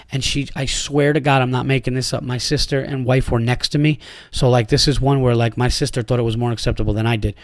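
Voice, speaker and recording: A man in his thirties tells a long, profane story in a rambling, ranting monologue. He stumbles through fillers and restarts as he goes. His mid-pitched voice sounds dry and close, with no room echo. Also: steady tone, fast talker. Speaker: podcast host.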